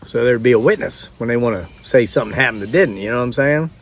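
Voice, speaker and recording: A man's voice: medium pitch, lively intonation, fast. A man telling a tall tale in a folksy, rambling drawl. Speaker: storyteller.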